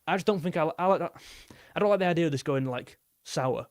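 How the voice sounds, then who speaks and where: A man's voice: a little high, fast talker, no room sound, studio quality. A young man hosting a live football stream, chatting casually and rambling as he reads out viewer messages. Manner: rambling, repeats himself, reads super chats aloud.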